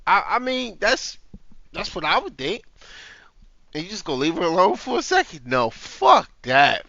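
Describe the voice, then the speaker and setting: A man's voice: on the high side, wildly swooping pitch, normal speed, vocal fry, pushed and bright, no echo, muffled recording. A man hosting a reaction video, talking in a heated, profane, casual way.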